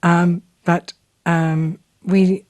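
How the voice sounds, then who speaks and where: Slow-talking Scottish woman host. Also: lowish voice, little pitch movement, darkish tone, dry recording. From Scotland. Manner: unhurried, hesitant with frequent ums. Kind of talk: casual storytelling and reading aloud.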